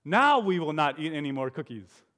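A man's voice: fairly high pitch, sing-song, normal speed, sharp tone. A man voicing a sensible, patient male frog in a storybook read aloud. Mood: reasoning. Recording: long hall reverb.

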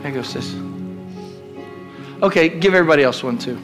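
A man's voice: fairly high pitch, animated, fairly quick, music in the background. A male pastor preaching a fervent sermon, with repeated calls to the congregation.

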